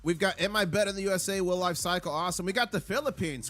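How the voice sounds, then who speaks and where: A man hosting a casual livestream, upbeat and chatty as he gives shout-outs to viewers. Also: high voice, brisk, faint music behind. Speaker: livestream host. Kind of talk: casual live chat.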